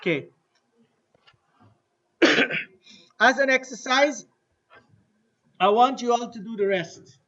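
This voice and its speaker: A man teaching an Arabic lesson to a class, drilling phrases slowly and having students repeat. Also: very high voice, bright, forceful tone, highs cut off. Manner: slow, deliberate drilling with repetition to the class. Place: mosque classroom.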